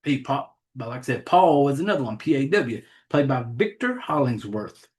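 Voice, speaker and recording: A man's voice: medium pitch, sing-song, moderate pace. A man with a Southern accent hosting a horror podcast, chatting casually and rambling, and making fun of himself for botching names. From Southern United States. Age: adult, has a child. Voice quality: rambling, profane, self-deprecating about names. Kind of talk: casual chat.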